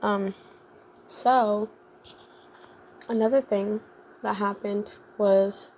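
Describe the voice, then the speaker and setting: Young woman, vlogger, casual storytime, rambling with fillers, creaky vocal fry, faint background noise. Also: mid-range voice, steady tone, drawn-out words, a little mellow.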